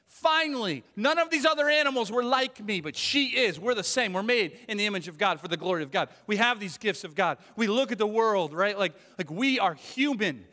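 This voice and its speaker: A man voicing the biblical first man, shouting with amazed delight. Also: high voice, brisk, few pauses, in a large hall, voice pushed up. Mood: joyful. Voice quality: excited, shouting.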